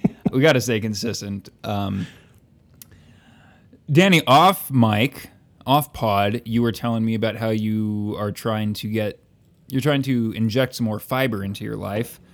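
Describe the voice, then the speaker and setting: A man's voice: fairly low pitch, fairly even intonation, normal speed. Wry teasing man on a podcast. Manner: wry, teasing, hesitant fillers. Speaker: podcast co-host. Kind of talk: casual podcast chat.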